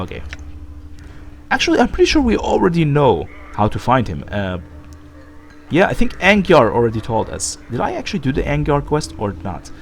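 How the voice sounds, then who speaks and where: Sick and rambling, a let's play host thinks aloud through gameplay with lots of fillers and reads the game's dialogue out loud. His voice sits on the high side with wildly swooping pitch, vocal fry, and a moderate pace, over slight background noise.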